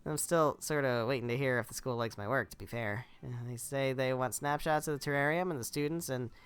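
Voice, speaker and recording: A man's voice: mid-range voice, brisk, a bit bright, clear, resonant tone, no echo, close to an everyday voice. A man reading the lines of a friendly, chatty young woman photographer in a video game, in an upbeat manner.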